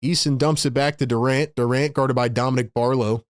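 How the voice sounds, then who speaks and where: A man's voice: medium pitch, steady tone, a little fast, dry recording, studio quality. A man hosting a live stream, calling basketball play-by-play and reacting to his team with frustration while talking to his chat. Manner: frustrated, exasperated, chats to viewers. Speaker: live-stream sports commentator.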